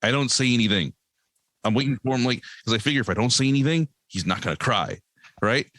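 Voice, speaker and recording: A man who is a guest on a podcast tells a family story in a casual, animated way, laughing often and acting out what people said. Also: medium pitch, fast talker, dry recording. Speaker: podcast guest, comic creator and single dad.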